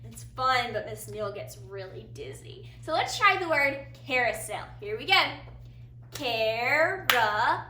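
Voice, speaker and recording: A woman teacher leading a phonics lesson for young children, in a sing-song, slow and encouraging way with big praise, in a classroom. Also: a little high, big pitch swings, sharp tone, far from the mic. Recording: roomy sound from a little off the mic, faint room hiss.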